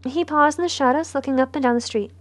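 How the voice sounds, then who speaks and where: A woman narrating a historical romance aloud, her voice soft and sometimes dropping to a whisper. She sits a little higher in pitch than most women. The sound is close and dry with no room. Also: fast, no echo. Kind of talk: novel read aloud.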